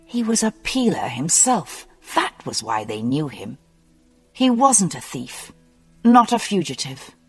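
Slow, animated mystery audiobook narrator, husky tone, long hall reverb and soft music underneath. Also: mid-range voice. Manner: slow, measured and expressive reading. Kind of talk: scripted novel narration.

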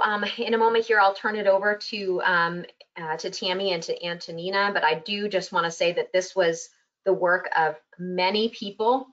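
Lower-pitched woman presenting over video call. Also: fairly bright tone, muffled recording. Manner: halting, frequent ums. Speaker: research presenter. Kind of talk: webinar presentation.

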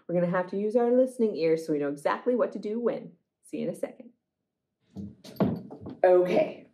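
A woman librarian leading a children's storytime, reading a picture book aloud in an animated, inviting way and talking to the children. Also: on the low side.

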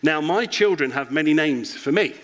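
A man's voice: a little high, lively intonation, normal speed. A man giving a reflective, personal sermon as a church pastor.

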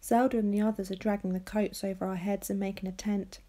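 A woman's voice: mid-range voice, fairly even intonation, fast talker, warm tone. A woman teacher reading a children's novel aloud to her class, telling it steadily and switching into voices for the characters.

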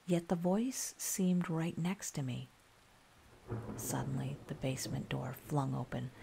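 A woman narrating a scary story in a calm, soft-spoken ASMR style. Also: rumbling low, vocal fry, a little hiss or hum.

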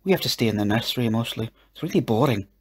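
A man voicing a bold, matter-of-fact young girl who speaks in a soft, steady whisper. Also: mid-range voice, quick pace, slightly rough.

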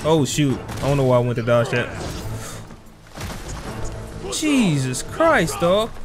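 A man's voice: mid-range voice, huge pitch swings, slow pace. A young man hosting a let's play, commenting in a slangy, trash-talking way as he fights through a game. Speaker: gaming channel host. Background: game music.

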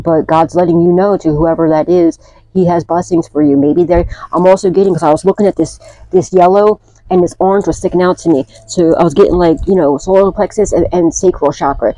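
A woman's voice: on the low side, mellow, dry recording, poor audio. A woman doing a casual spiritual tarot reading, chatty and blunt, swearing freely and often asking "okay?". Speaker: tarot reader.

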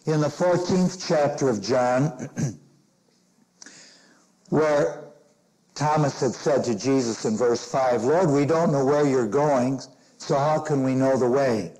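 A man in his sixties, a minister from Chicago, preaching a sermon slowly and deliberately, leaning hard on key phrases. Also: medium pitch, mellow, poor audio. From Chicago, Illinois. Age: 60s. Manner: slow, deliberate preaching with emphatic stressed phrases.

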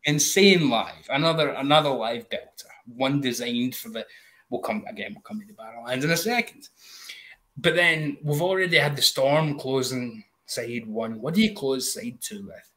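A man with a middle-pitched voice talking casually as an album review panelist. He is openly enthusiastic, pads his thoughts with frequent "um" fillers, and breaks into hummed bits of riffs as he goes. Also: normal speed, fairly bright tone. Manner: hums and sings snatches of riffs.

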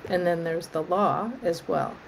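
A woman arborist trainer as an interview guest, explaining in a thoughtful, measured way and often restarting her phrases. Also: lowish voice, fairly even intonation, slight background noise, poor audio. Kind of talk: conversational interview.

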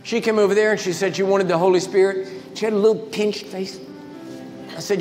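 An older man preaching a sermon as a guest speaker, telling stories with emphatic swings in pitch and volume. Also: steady tone, a little fast. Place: large church sanctuary. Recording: reverberant church hall with faint music.

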